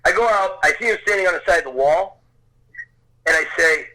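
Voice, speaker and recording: A man in his fifties talks as a podcast guest in a bright, ringing voice that sits a little high for a man. He tells his story in a gushing, excitable way and often circles back over his own words. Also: brisk, a little hiss or hum, rough recording. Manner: excitable, gushing, repeats himself. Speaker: podcast guest, Rocky film tour guide. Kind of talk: storytelling anecdote.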